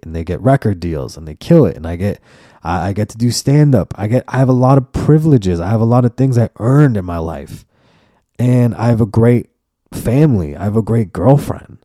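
A man with a low, dark, mellow voice rants emphatically through a casual solo podcast monologue, swearing freely. The sound is dry and close. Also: no room sound. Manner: profane, emphatic ranting. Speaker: podcast host and comedian.

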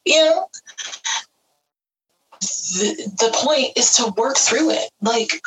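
A woman's voice: fairly high pitch, animated, slow, pauses often, a bit bright, distant mic, a little hiss or hum, low-quality recording. A woman talking earnestly and with feeling about parenting teenagers, acting out little quoted voices as she goes. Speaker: parent sharing advice. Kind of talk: casual heartfelt talk.

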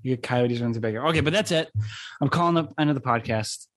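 Talking fast in a medium-pitched, slightly bright voice, this young podcast host from near Buffalo, New York, rambles through casual chat. He swears freely and leans heavily on "like." The recording is dry.

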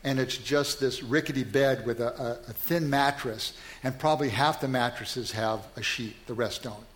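A man's voice: mid-range voice, moderate pace, fairly bright tone. A man speaking in a candid, self-deprecating and reflective way, telling a personal story in conversation.

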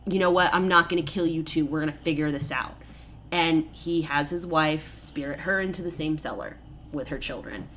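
Bright, animated woman telling a story. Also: low-pitched, normal speed, a little hiss or hum. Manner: animated, swearing, frequent "like" and "basically". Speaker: podcast co-host retelling a fairy tale. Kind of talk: casual comedic storytelling.

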